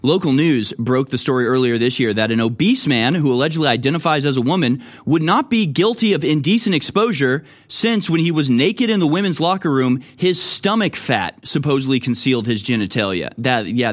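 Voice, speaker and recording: A political talk show host with a medium-pitched, expressive voice reads news stories aloud briskly, barely pausing. He reacts with indignant, mocking commentary and puts on voices for the people he quotes.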